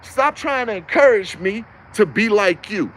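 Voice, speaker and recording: A man's voice: sits high, lively intonation, a little slow, a bit bright. A young man giving a preachy, emphatic, repetitive monologue as a live-stream host. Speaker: livestream host.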